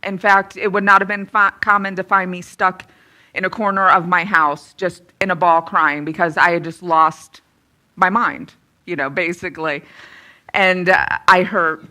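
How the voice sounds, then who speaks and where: A woman in her thirties sharing a candid personal testimony and teaching from the Bible, lively and self-deprecating. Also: on the low side, normal speed. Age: 30s. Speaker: speaker giving a testimony.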